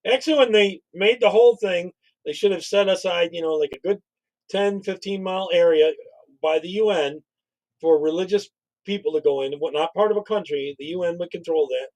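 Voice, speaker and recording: A man's voice: sits high, brisk, a little mellow, low-quality recording. A man co-hosting a casual political commentary stream, talking in a blunt, opinionated, conversational way.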